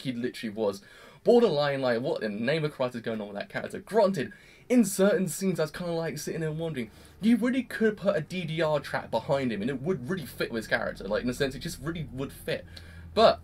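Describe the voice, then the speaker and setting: A man giving a casual, rambling review of an anime episode, excitable and full of fillers. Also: medium pitch, breathy edge. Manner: rambling and excitable, heavy use of "like".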